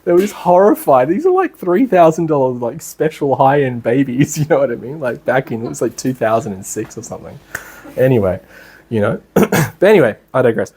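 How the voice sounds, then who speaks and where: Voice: medium pitch, big pitch swings, fairly quick, mellow, husky. A speaker, telling a rambling story to a class in a casual way, laughing often and using a lot of fillers. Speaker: class presenter.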